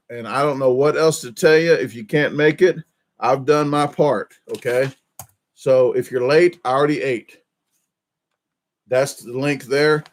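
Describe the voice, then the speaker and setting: A middle-aged man hosting a casual livestream, rambling and correcting himself as he talks. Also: mid-range voice. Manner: rambling, self-correcting, chatty. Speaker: channel host.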